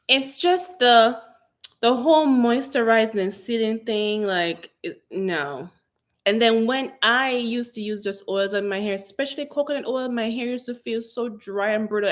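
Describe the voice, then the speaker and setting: A woman from Jamaica with a Jamaican accent, hosting a live stream about hair care and answering viewers' questions in a sassy, animated, chatty way. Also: medium pitch. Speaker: hair care channel host. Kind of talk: casual live-stream Q&A chat.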